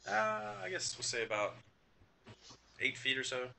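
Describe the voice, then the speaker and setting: A man, running a tabletop game as game master in a halting, casual way full of fillers. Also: medium pitch, big pitch swings, vocal fry, bright, forceful tone, a little hiss or hum.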